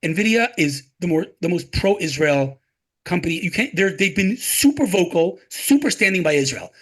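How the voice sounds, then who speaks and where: A man's voice: high voice, lively intonation, normal speed, a bit bright. A man talking passionately as an interview guest, emphatic and full of rhetorical questions and repeated phrases. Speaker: guest, tech advocate.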